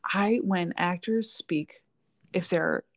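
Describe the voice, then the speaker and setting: A woman's voice: on the low side, slow. A woman co-hosting a podcast, chatting casually and rambling with lots of fillers. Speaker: podcast co-host. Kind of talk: casual chat.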